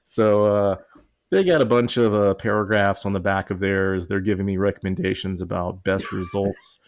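Low-voiced guy on a podcast, jokey and rambling, laughs a lot. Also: fairly even intonation, moderate pace. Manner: joking, rambling, laughs often; reads can labels aloud mockingly. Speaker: podcast co-host. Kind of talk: casual chat.

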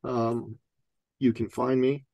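A mid-pitched male voice with a gravelly, creaky edge belongs to a podcast guest sharing a personal story. He takes it slowly but stays animated, laughing often and acting out the other people involved. The recording is dry and close, with no room sound or echo.

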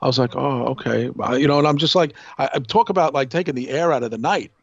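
New york dude rambling thru a story on a podcast, lots of restarts, gravelly voice. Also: male voice, mid-range voice, fast talker, dull audio. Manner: rambling, animated, many restarts. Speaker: podcast co-host. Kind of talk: casual storytelling chat.

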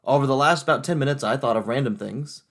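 A man's voice: mid-range voice, fast talker, fairly bright tone. Young male co-host, casual movie talk, self-deprecating humor, mid-range voice. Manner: laughing, self-conscious joking. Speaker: podcast co-host. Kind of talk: casual chat about movies.

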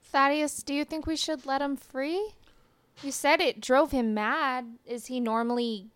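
A woman playing a tabletop game in casual, unhurried talk. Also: high-pitched, fairly even intonation, a bit bright. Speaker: player.

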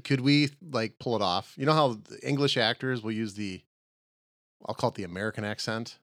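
Lower-voiced man, rambling and jokey. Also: fairly quick, fairly bright tone, no room sound, clean studio sound. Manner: rambling, jokey, easygoing talk with playful tangents. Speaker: podcast co-host. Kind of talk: comedic podcast banter.

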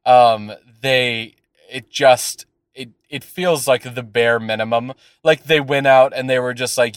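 A man's voice: mid-range voice, measured pace, smooth, no echo, clean studio sound. A man chatting casually on a podcast, rambling with lots of fillers and swearing as he rants. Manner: animated, profane, rambling with fillers. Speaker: podcast co-host. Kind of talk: casual chat.

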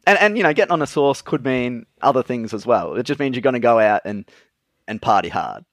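Young man, Australian accent, podcast guest, rambling, laughs a lot, mid pitch, dry close sound. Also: animated, a little fast, a bit bright, no echo. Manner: rambling, laughs often, trails off with fillers. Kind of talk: casual podcast chat.

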